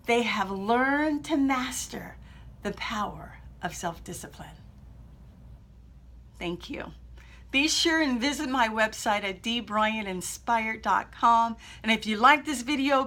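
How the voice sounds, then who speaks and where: A woman giving a motivational speech, telling a story dramatically with acted-out shouts and pauses. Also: a little high. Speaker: motivational speaker.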